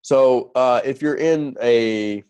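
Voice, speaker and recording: A man's voice: medium pitch, slow pace, darkish tone, smooth. Man coaching, tagging lines with "okay?". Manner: checks in constantly with "okay?" and "right?"; repeats phrases for emphasis. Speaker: sales recruiting trainer. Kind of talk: recorded training lesson.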